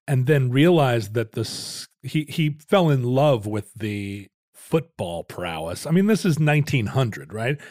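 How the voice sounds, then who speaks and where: A man's voice: medium pitch, darkish tone, no room sound. A middle-aged man casually telling a rambling family story with dry jokes on a podcast.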